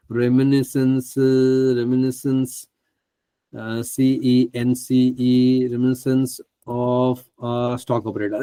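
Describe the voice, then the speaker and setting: A chatty man runs a live online trading class, exclaiming and laughing as he goes. His voice is close and dry, with no room sound around it. He sits at a middle pitch for a man. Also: a little mellow, clean tone, dry recording. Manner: stumbles over names, asks others to pronounce them. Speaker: trading course presenter.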